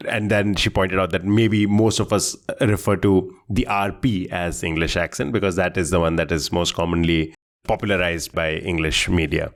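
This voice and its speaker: A man's voice: sits low, fairly even intonation, normal speed. A man co-hosting a quiz podcast, chatting casually, rambling and laughing as he searches for words.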